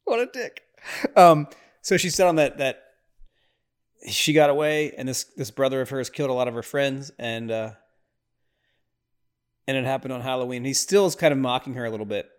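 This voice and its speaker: Male podcast host, mid-pitched voice, chatty watch-along commentary, rambles and reacts with exasperated bursts. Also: normal speed, pauses often, clean tone.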